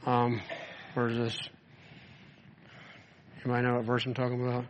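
A man's voice: medium pitch, monotone, moderate pace, a little hiss or hum. A man giving a conversational Bible lesson to a group, telling stories casually with lots of "like" fillers. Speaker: Bible teacher. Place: hall or classroom with an audience. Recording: dull audio, long room reverb.

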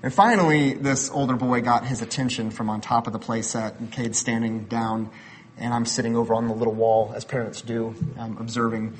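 A man's voice: medium pitch, fairly even intonation, brisk, slight background noise. A man in his thirties giving a sermon as a pastor, conversational, mixing personal stories with building emphasis.

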